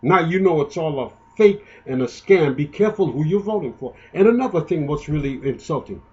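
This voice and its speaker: A man's voice: a little high, animated, brisk, dark tone, muffled recording. A man giving an indignant, emotional, rambling political monologue, often restarting his sentences. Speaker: political commentator.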